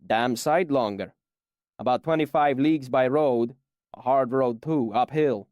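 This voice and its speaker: A man narrating an audiobook, voicing a weathered old man at a bar who answers slowly and curtly. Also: mid-range voice, dry recording, dull audio, close to an everyday voice. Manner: slow, curt.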